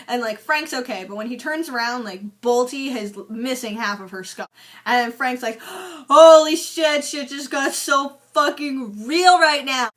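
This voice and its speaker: A woman's voice: fairly high pitch, a bit bright. A young woman recapping a film in a chatty, sarcastic way, peppered with "like" and swearing. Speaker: movie reviewer. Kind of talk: casual movie recap vlog.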